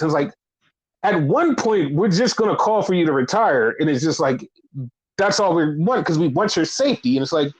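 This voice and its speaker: A man with a slightly high voice talks loosely on a wrestling podcast. He rambles, swears freely and acts out his own baffled reactions. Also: moderate pace, breathy edge, poor audio. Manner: rambling, swears often, animated retellings. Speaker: podcast co-host. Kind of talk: casual wrestling chat.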